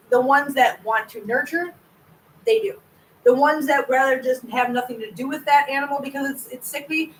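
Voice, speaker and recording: A woman's voice: a little high, a bit bright, distant mic, slight background noise, poor audio. A woman hosting a casual livestream from home, chatting with viewers in a rambling way and stumbling over her words. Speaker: cat channel host.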